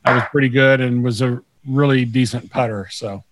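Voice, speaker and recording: Brief: male panelist, mid-pitched, measured and halting. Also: steady tone, no room sound. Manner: measured, hesitant with ums. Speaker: podcast panelist. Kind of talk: casual podcast chat.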